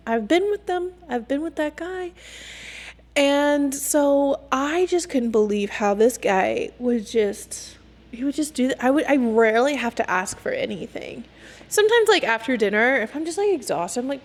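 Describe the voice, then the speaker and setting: Chatty young woman podcast host, fairly high voice. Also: very animated, unhurried. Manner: chatty and candid, lots of "like" and laughs. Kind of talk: casual solo podcast rant.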